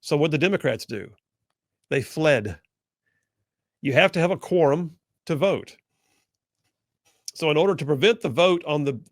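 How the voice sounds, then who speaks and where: A man's voice: fairly high pitch, no echo, studio quality. A man hosting a political talk show, delivering sarcastic commentary and mocking opponents in whiny put-on voices.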